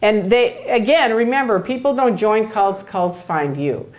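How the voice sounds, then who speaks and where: A woman giving a lively storytelling talk to an audience in a room, acting out other people's voices as she goes. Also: mid-range voice, measured pace. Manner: animated, acts out other people's voices in quotes. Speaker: lecturer.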